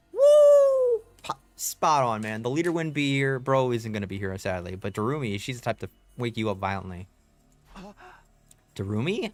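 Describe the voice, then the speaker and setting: A man streaming a game, chatting in a laid-back, slangy way as he plays. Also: medium pitch. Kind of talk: casual gameplay commentary.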